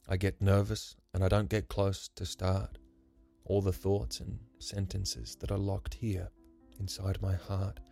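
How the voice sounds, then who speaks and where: A man voicing a nervous, remorseful grown man who speaks in a halting, earnest way. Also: low-pitched, creaky, dark tone, heavily acted. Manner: halting, earnest, stumbling confession.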